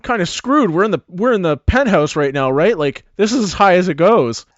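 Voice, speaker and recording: Stammering, flustered jock voiced by a man, pitched up and loud, dry audio. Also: expressive, brisk, dry recording, highs cut off. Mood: worried. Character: panicked young male football jock, big and dim.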